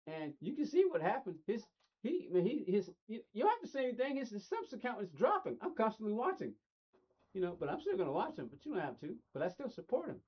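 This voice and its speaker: A man's voice: high voice, very animated, fast talker, husky. A middle-aged man streaming a racing game, rambling casually and talking straight to his chat. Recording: dull lo-fi stream audio.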